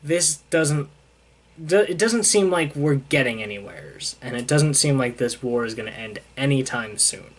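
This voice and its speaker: A man's voice: medium pitch, animated, normal speed. A young man casually retelling a comic book plot, rambling and self-deprecating as he paraphrases the characters.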